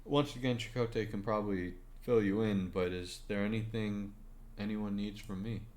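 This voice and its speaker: A man voicing a calm senior female starship admiral in a tabletop game, with measured, hesitant pauses. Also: on the low side, lightly acted. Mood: composed.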